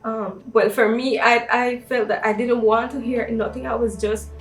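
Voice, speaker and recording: A woman's voice: fairly high pitch, flat delivery, moderate pace, recorded from a distance, over music, low-quality recording. A woman in her twenties from Belize, giving a personal faith testimony in a hesitant way, with many fillers and restarts. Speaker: church member giving testimony.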